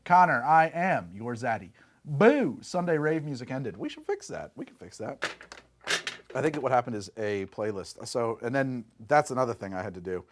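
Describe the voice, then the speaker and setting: A man's voice: medium pitch, normal speed, slight background noise. A middle-aged man with a New Jersey accent, hosting a rambling, jokey live stream from his home bar and reading out chat comments. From New Jersey, USA. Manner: rambling, animated, jokey asides. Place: home bar and lab room.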